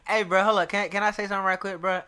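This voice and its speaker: Male podcast guest, bright tone; relaxed slangy banter, quick to laugh. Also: high-pitched, smooth. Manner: laid-back, says bro a lot, laughs easily. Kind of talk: casual podcast chat.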